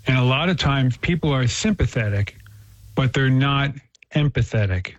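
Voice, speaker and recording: An earnest man talks in a relaxed, conversational way, restarting phrases as he goes and slipping into the quoted voices of his story. His voice sits at a middle pitch. The recording is dull and lo-fi, with a dry, close sound and no room echo. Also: normal speed. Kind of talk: casual conversational talk.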